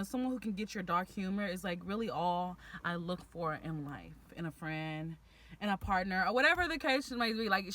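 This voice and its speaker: A woman's voice: mid-range voice, slight background noise. A young woman from Texas with a Houston accent, chatting casually and animatedly to camera about her friends, full of slang. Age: young adult. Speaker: vlogger.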